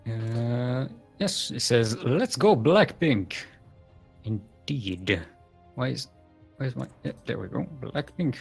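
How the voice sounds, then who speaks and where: A young esports caster commentates a live game match solo, rambling and joking with plenty of fillers and restarts. His medium-pitched voice is slow, creaky and edged with breath, over soft background music.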